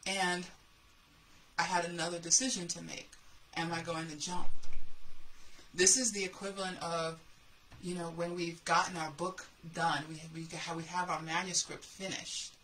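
Woman book coach, bright voice, animated storytelling, a little hiss behind. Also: lowish voice, measured pace, pauses often, poor audio. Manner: animated storytelling, acting out her own fear and the coach's calm replies. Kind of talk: motivational storytelling lesson.

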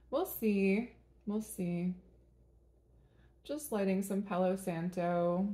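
A woman's voice: lowish voice, mellow, reverberant. A woman giving a tarot reading to camera in a casual, rambling way, chatting and laughing between the cards. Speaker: tarot reader.

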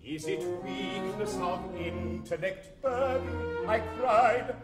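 A man's voice: sits high, slow, over music. An actor playing a comic lovesick man in a stage light opera, pleading in overblown theatrical speech and singing a mournful ballad. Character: comic lovesick man wooing a fierce older woman. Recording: roomy stage sound with loud orchestra.

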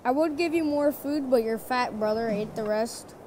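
A woman giving casual, playful commentary on her own gameplay, chatting to the animals in the game and jumping between loud bursts and quiet mutters. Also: fairly high pitch, moderate pace. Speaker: gamer. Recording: loud background noise.

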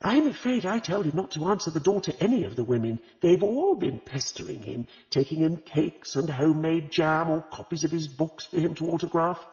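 A man doing a gentle, rueful vicar's wife. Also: fairly high pitch, brisk, hardly any pauses, voice pushed up, natural voice. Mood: calm. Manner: rueful and calm. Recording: dull lo-fi audio with long reverb.

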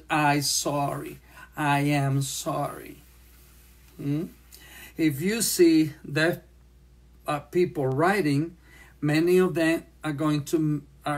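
A sign language teacher with a medium-pitched voice gives a slow classroom lesson. She speaks at an unhurried pace and repeats phrases as she demonstrates each sign.

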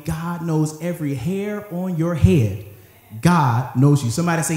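Echoey preaching man, mellow and animated. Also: fairly high pitch, a little fast. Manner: animated call-and-response preaching; conversational, joking asides. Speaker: pastor. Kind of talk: sermon. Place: church sanctuary. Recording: very echoey church hall.

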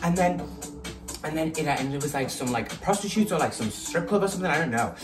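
A man's voice: on the high side, lively intonation, fast. Tipsy man rambling over music. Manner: rambling, gossipy, swears a lot. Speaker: vlogger. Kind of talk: casual chatty vlog. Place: his bedroom at home. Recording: distant mic with loud background music. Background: music playing.

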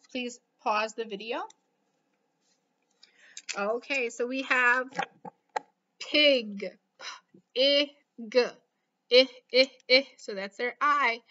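A woman teaching a phonics lesson to young children, slowly and patiently sounding out each letter. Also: on the high side, a bit bright, muffled recording.

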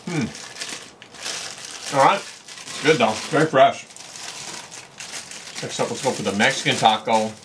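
A man's voice: mid-range voice, a little slow, long pauses, noisy background. A man from California casually talking through a meal for his food vlog, savoring each bite with lots of pleased sounds. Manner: chatty, savoring bites with lots of mm and oh. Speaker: food vlogger. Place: home in Japan.

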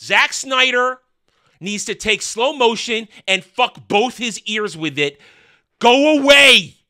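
A man with a high, piercingly bright voice tears into a film in an exasperated, sarcastic rant. He talks like a reviewer who can't believe what he sat through. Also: expressive, a little slow. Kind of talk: ranting movie review commentary.

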